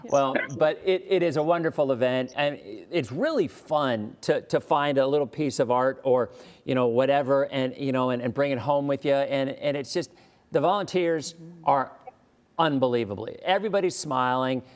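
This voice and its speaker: A man's voice: medium pitch, moderate pace. A man with an American accent hosting a casual interview show, a weather presenter who rambles, restarts and tells stories with chuckles.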